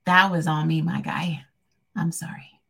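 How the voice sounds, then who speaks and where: A woman talking to camera in a rambling, heartfelt vlog, soft-spoken and a little tearful. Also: low-pitched, fairly even intonation, a little slow, vocal fry, breathy edge. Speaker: vlogger. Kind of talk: emotional personal vlog.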